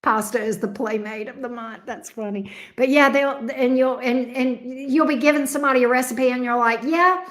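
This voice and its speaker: A woman's voice: fairly high pitch, fairly even intonation, normal speed, few pauses. A Southern woman from Alabama hosting a live stream, chatting casually and rambling as she reacts to viewer comments. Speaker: tarot reader and live stream host.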